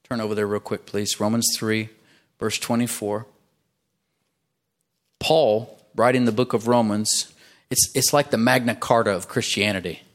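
A man's voice: on the low side, fairly even intonation, moderate pace, long pauses. A man pastor preaching a sermon in a church, emphatic, punctuating his points with "amen" and rising for emphasis.

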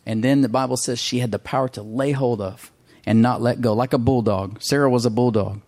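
A man's voice: mid-range voice, steady tone, fairly quick, darkish tone. A man preaching a sermon with emphatic repetition, often asking the congregation for an amen. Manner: emphatic, calls for amens, repeats phrases.

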